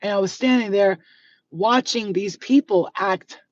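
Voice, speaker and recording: A woman's voice: medium pitch, unhurried, no room sound. A woman telling a story in a casual, chatty way with plenty of fillers and swearing, speaking from inside a car. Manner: chatty, profane, many fillers. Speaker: spiritual vlogger. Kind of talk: casual live-stream storytelling. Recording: distant, dull lo-fi phone audio.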